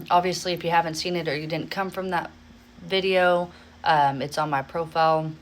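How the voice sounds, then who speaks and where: A woman telling a story to her phone in a casual vlog, in a rapid, exasperated retelling full of swearing. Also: lowish voice, fairly even intonation, slight background noise, poor audio. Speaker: social media creator.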